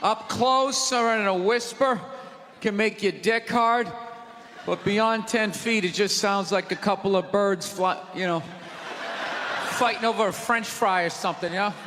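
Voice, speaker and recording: A man doing stand-up comedy on a large theater stage, ranting loudly, sarcastic and profane. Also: high-pitched, unhurried. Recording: live theater reverb, crowd noise.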